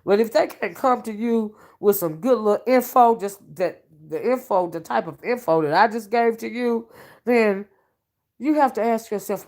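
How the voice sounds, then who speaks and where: This self-styled oracle's voice is fairly high with a darkish tone, and she talks at normal speed. During a casual livestream from home as she cooks dinner, she reads viewer comments folksily, calling people honey and child and thanking them by name.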